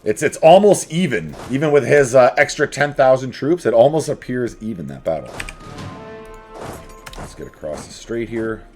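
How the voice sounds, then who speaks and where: A man's voice: mid-range voice, sing-song, moderate pace, darkish tone. Playful man narrating his own gameplay. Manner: playful, jokey, talks to the game units. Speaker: strategy game streamer. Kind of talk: casual gameplay commentary. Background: faint game music.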